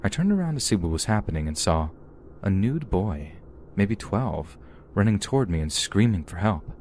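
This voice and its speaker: A man reading a first-person true horror story aloud as a podcast narrator, in a steady, measured manner. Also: fairly low pitch, a little hiss or hum.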